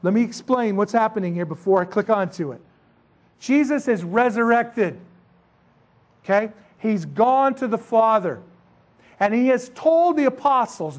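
High-voiced animated male preacher. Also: moderate pace. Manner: casual, animated preaching with asides and humor. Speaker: pastor. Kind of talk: sermon.

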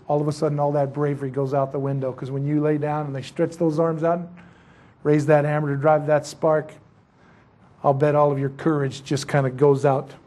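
A man preaching a sermon who tells the story dramatically, acting out scenes and rising to emphatic peaks. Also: a little mellow. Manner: rises to emphatic high-pitched peaks.

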